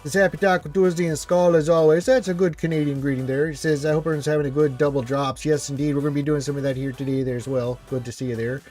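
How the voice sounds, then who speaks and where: A man hosts a laid-back gaming live stream, his voice pitched a little above the usual for a man. He chats loosely and reads viewers' greetings aloud. Quiet music runs faintly behind him. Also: flat delivery, fast, hardly any pauses. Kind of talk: casual live stream chat.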